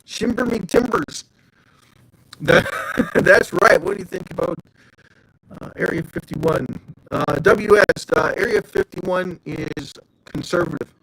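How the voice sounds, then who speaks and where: A man's voice: sits high, a little slow, gravelly, a bit bright, dry recording, rough recording. A man hosting a casual livestream, chatting loosely and greeting viewers by name. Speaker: livestream host.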